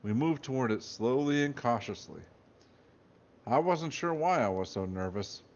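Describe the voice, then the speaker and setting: A man reading a comic novel aloud in a deadpan narrating voice. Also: medium pitch, normal speed, muffled recording. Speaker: reader.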